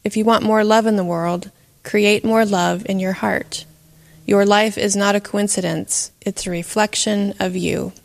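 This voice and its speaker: A woman reading an inspirational story aloud in a measured, gentle way. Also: mid-range voice, fairly even intonation, gravelly. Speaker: narrator. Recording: long reverb.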